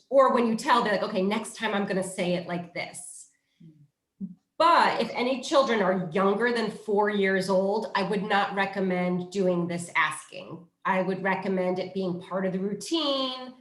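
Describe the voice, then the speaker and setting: A woman's voice: medium pitch, unhurried, reverberant, rough recording. A woman leading a parenting workshop, giving instructions and acting out commands and coaching questions. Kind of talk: interactive parenting workshop role-play.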